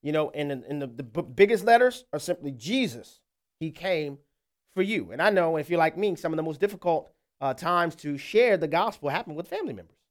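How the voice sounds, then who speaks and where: A man hosting a radio talk show, hoarse and scratchy-voiced, chuckling and rambling loosely with restarts. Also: fairly high pitch, animated, fairly quick.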